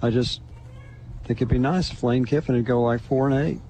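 A man's voice: mid-range voice, fairly even intonation, fairly quick, dark tone, slight background noise, low-quality recording. A man co-hosting a sports radio show, chatting in an easygoing way. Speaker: co-host. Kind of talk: casual sports talk radio.

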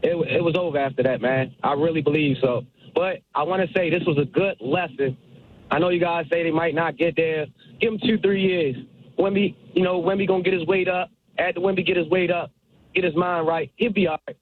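A man's voice: fairly high pitch, fairly even intonation, a little fast. A man calling into a radio show, rambling and repeating himself, often saying man. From Baltimore area. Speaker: caller. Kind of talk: radio call-in. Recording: tinny phone line with faint noise.

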